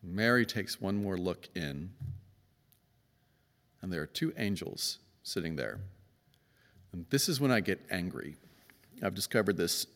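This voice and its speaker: A low-voiced man gives a conversational sermon in a large church hall, and his words ring on in a long reverb. He tells the story casually and leans into the quoted voices, jumping up high and dropping low for emphasis. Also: very animated, measured pace, long pauses, fairly bright tone. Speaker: pastor.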